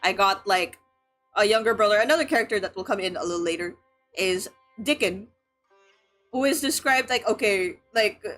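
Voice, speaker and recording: A woman's voice: medium pitch, fairly bright tone. A young woman from the Philippines hosting a book club, chatting casually and rambling with lots of filler words and giggles. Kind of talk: casual livestream chat.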